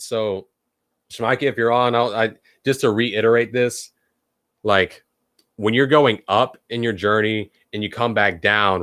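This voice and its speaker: A man with a fairly low voice talks to his viewers as a spiritual teacher in a loose, conversational way. He swears freely and hammers points home by repeating words. The sound is close and dry, with no room around it. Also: no room sound. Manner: animated, repeats words for emphasis. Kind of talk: casual spiritual talk to viewers.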